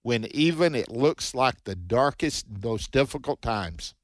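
A man's voice: mid-range voice, lively intonation, measured pace, no room sound. Earnest preacherly male radio co-host. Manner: earnest, preacherly, reads scripture aloud. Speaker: Bible teaching radio co-host. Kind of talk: conversational Bible teaching.

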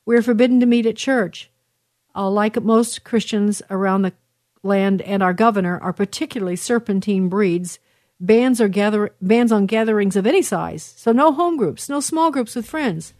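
Hosting talk radio, a middle-aged woman reads out listener messages at a moderate pace in her mid-range, darkish voice, emotional and earnest, with frequent fillers and restarts. The recording is clean studio sound with no room sound.

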